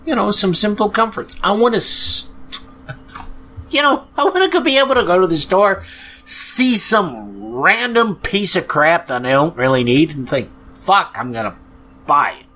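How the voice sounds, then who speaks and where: A man's voice: high-pitched, expressive, measured pace, pushed and bright. A man hosting a podcast, ranting in an angry, profane way with frequent sighs, sounding depressed. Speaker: podcast host. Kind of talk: ranting monologue.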